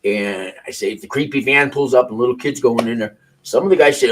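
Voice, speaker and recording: Husky, rambling man swearing casually. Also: medium pitch, a little fast, poor audio. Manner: rambling and profane, many restarts. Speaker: call-in show host. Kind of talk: casual unscripted commentary.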